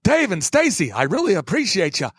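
A doddering, senile old man, put on by a man in the middle of a talk show, rambling and befuddled. The voice rides high and swoops wildly up and down. It sounds close and dry. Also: wildly swooping pitch, brisk, fairly bright tone, husky, dry recording, full character voice.

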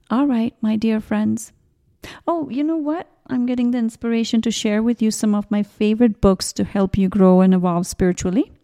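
A woman in her forties hosting a spiritual podcast, talking gently in a rambling way with tangents and restarts. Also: mid-range voice. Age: 40s. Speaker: podcast host. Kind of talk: casual spiritual podcast talk.

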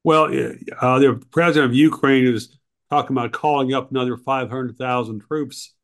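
A man's voice: medium pitch, fairly even intonation, moderate pace. A man, a writer and regular co-host, talking politics casually with frequent ums and uhs. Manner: hesitant, many ums and uhs, critical.

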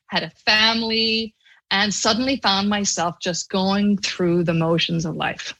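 A middle-aged woman from Ireland with an Irish accent, a podcast guest telling her personal story in an earnest, animated way. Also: mid-range voice, unhurried, rough recording.

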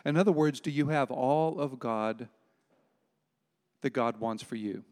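An older man preaching a sermon as pastor, emphatic and slowing down to stress key words. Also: medium pitch, darkish tone. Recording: long hall reverb.

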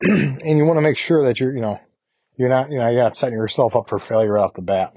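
A man's voice: mid-range voice, quick pace, a little mellow, no room sound. A man casually coaching service technicians, rambling and often tossing in "you know" and "right?". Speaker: podcast host coaching HVAC technicians. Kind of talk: casual instructional talk.

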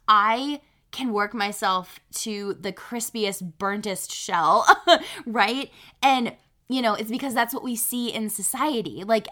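Fired-up woman podcast host. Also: mid-range voice. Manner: animated, laughs often, keeps asking "right?". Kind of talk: solo podcast talk.

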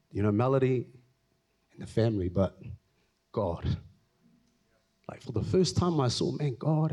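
A man's voice: medium pitch, dark tone. Guy sharing his testimony at church, earnest, emotional, stumbles and repeats himself. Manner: earnest, emotional, often halting and repeating words. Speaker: church speaker giving testimony. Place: church hall.

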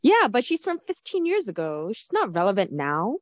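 A woman's voice: medium pitch, wildly swooping pitch, normal speed, no room sound, lo-fi sound. A woman co-hosting a podcast, chatting casually in a blunt, opinionated way. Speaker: podcast co-host. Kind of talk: casual chat.

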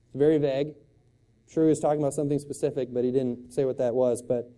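A middle-aged male pastor delivering a sermon in a very dark, mellow voice. He moves between loud, impassioned outbursts and soft, hushed storytelling, with a middling pitch. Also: fairly even intonation, fast.

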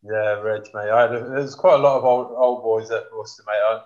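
A man's voice: on the low side, fairly even intonation, a little fast, darkish tone. A man, talking frankly in a casual chat as a former rugby player. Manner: blunt, frank, says mate often. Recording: dull lo-fi sound.

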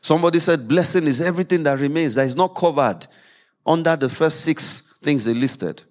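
A man preaching a sermon in a church service, reading scripture aloud with rising emphasis and dropping low to explain it. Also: a little fast, a little mellow.

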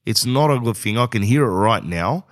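A man's voice: mid-range voice, animated, normal speed. A middle-aged man tells a rambling comic story in a casual, loose way. He drifts off on tangents and acts out the other people in the tale, throwing in "bro" all the time. His voice sits in an ordinary middle range for a man. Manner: rambling, says "bro" often, acts out both sides of dialogue. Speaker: comedian.

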